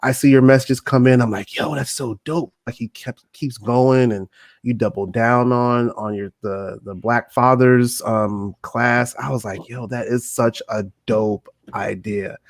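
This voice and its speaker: Podcast guest guy, mid-pitched, dry close sound, ribbing his buddy with lots of slang. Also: steady tone, unhurried, no echo. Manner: warm praise and playful teasing, slangy. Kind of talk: casual podcast chat.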